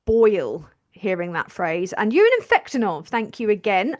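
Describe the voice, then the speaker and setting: A woman's voice: on the high side, expressive, moderate pace, fairly bright tone. A woman co-hosting a live stream, chatting casually, reading out viewer messages and laughing often. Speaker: co-host reading super chats.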